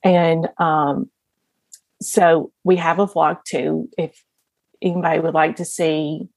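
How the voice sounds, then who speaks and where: Slow, gravelly-voiced woman telling a story. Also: low voice, flat delivery, darkish tone, dry recording. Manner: laughs often while talking; rambling, with many fillers and restarts. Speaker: podcast guest. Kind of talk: casual interview storytelling.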